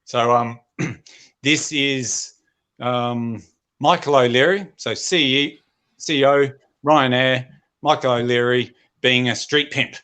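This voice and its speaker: A man doing a deadpan stand-up set online, often clearing his throat. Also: medium pitch, takes it slowly. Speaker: stand-up comedian.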